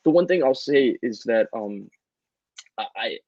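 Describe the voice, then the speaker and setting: A man's voice: mid-range voice, expressive, measured pace, dark tone, dry recording, dull audio. A man co-hosting a sports podcast, giving earnest, detailed football analysis with some stammering.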